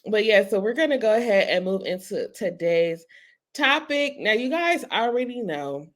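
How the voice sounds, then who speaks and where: Podcast co-host: woman in her 30s, lively anecdotes. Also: mid-range voice, normal speed. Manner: animated storytelling, laughs often. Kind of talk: casual chat.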